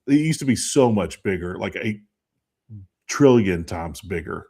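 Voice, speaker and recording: A man's voice: sits low, unhurried, a little mellow. A tired man in his fifties co-hosting a sports talk show, chatting in a rambling way and losing names mid-thought. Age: 50s. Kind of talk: casual chat.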